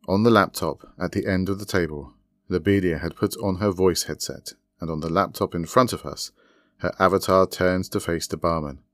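A man calmly narrating his own short story as its author. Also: sits low, normal speed, no room sound, studio quality.

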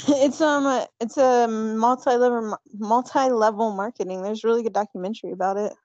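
A playful woman co-hosting a casual podcast, with a fairly high voice that often breaks into laughter. The recording is dry and a little dull, as if from a modest mic. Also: steady tone, brisk, a little mellow, dry recording. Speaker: podcast co-host. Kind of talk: casual chat.

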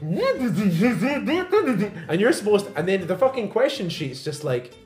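A man's voice: sits high, sing-song, slow pace. A young man and podcast co-host, telling a rambling story in casual, tipsy banter with lots of laughing. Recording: roomy echo, music behind.

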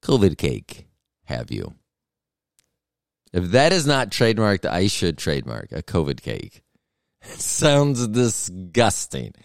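Middle-aged guy rambling through a funny story on his podcast, low voice that jumps all over, dry close sound. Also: huge pitch swings, slow pace, vocal fry, pauses often, no echo. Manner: meandering, self-interrupting storytelling. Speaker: podcast host. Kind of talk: rambling comedic monologue.

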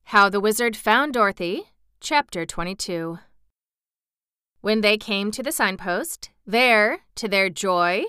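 A woman's voice: mid-range voice, sharp tone, smooth, dry recording, clean studio sound. A woman reading a children's book aloud for a family storytime, narrating expressively.

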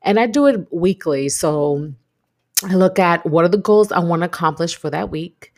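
A woman's voice: fairly low pitch, moderate pace, darkish tone. A woman from Brooklyn with a New York accent, hosting a podcast in reflective, chatty casual talk. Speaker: podcast host. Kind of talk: casual solo podcast chat.

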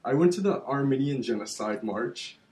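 A man telling a story on a casual podcast, heated and animated, swearing as he goes. His voice sits in a middle range. The room around him is echoey. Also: medium pitch, normal speed. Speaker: podcast co-host.

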